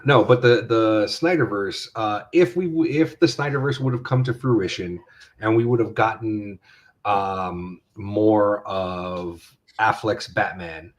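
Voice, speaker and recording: A man's voice: fairly low pitch, measured pace. A man co-hosting a podcast in loose casual chat, rambling with restarts and swearing. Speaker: podcast co-host.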